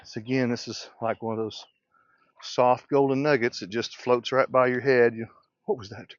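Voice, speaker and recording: A male beekeeper teaching casually while working in his apiary, thinking aloud in an unhurried way and often clearing his throat. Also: medium pitch, steady tone, no room sound, dull audio. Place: outdoor apiary.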